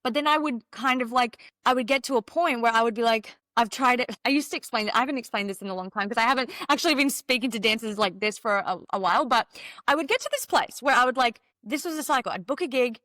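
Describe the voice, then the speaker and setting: A woman guest on a podcast interview, a mentor and former dancer, telling her story in an animated, emphatic way and acting out her own past thoughts. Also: a little high, quick pace, no room sound, studio quality.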